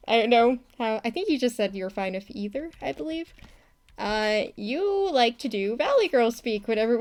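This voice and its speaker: A woman chatting casually on a live stream while she animates, rambling and laughing often. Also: on the high side. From not from Texas. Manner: rambling, giggly, laughs often, many restarts. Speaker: animator streaming her work.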